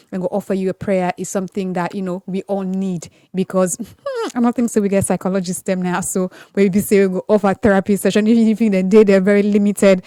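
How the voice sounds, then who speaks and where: A woman's voice: mid-range voice, no echo, clean studio sound. A woman hosting a radio breakfast show, reading listener comments in casual chat and thanking people again and again. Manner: warm, effusive, repeats thanks often. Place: radio studio.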